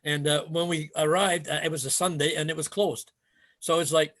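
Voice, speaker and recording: Talking fast in a fairly high, steady, slightly bright voice, an older man from Canada shares stories in a casual interview. He's a retired martial arts instructor, and his storytelling rambles with lots of fillers and restarts.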